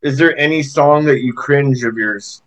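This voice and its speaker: A man's voice: mid-range voice, moderate pace. A man with a Canadian accent hosting a podcast, easygoing and asking short questions. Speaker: podcast host. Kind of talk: casual interview chat. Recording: dull lo-fi sound.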